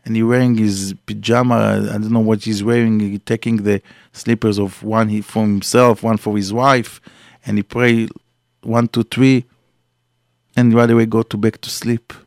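A man giving a Torah class as a rabbi, telling stories with lively acted quotes and grammar. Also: lowish voice, normal speed, vocal fry, no room sound, studio quality. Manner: animated storytelling with acted quotes, non-native English grammar.

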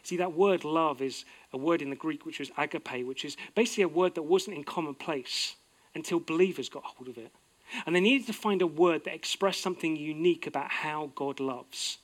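A middle-aged man delivers a sermon in an earnest, heartfelt way. His voice sits somewhat high for a man, and he moves between bright, emphatic lines and quiet, low-voiced reflection. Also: fairly quick. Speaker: pastor.

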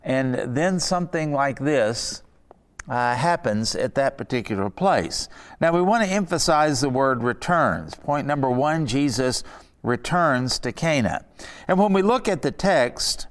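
A man preaching a sermon in a slow, deliberate, emphatic way, with pauses between his phrases. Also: medium pitch, lively intonation. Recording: long reverb of a large hall.

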